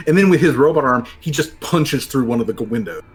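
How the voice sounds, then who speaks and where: A man's voice: mid-range voice, expressive, fast talker, faint music behind. A man running a tabletop game as game master, narrating in a rambling, casual way. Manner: rambling, full of fillers and laughs.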